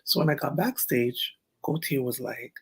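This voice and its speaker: A middle-aged woman and former runway model, telling a story as an interview guest in an animated, laughing way and acting out the people she quotes. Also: rumbling low, moderate pace, husky. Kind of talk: casual storytelling chat.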